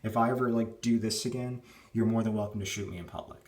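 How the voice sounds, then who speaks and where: A vlogger in his twenties rants at home indoors, crude and rambling and full of fillers, keeping his voice down because it's early morning. He talks fast in a lowish, darkish voice with fairly even intonation, over a little hiss or hum.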